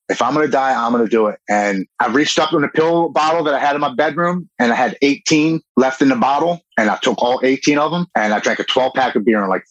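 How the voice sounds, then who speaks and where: A man's voice: fairly low pitch, fairly bright tone, no room sound, poor audio. A man, telling his own story in an earnest, plain-spoken way and acting out what he once said. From Baltimore, Maryland. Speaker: podcast guest telling his recovery story. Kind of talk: personal storytelling.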